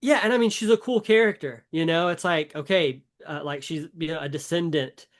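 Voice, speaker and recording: A man's voice: fairly high pitch, brisk. A man with a Southern US accent, co-hosting a podcast in a chatty, rambling way with many fillers. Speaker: podcast co-host. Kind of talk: casual chat.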